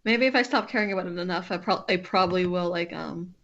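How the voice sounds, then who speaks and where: A woman's voice: fairly low pitch, fast, a bit bright, dull audio. A woman streamer chatting casually with a friend while drawing, rambling and often breaking off to restart her sentences.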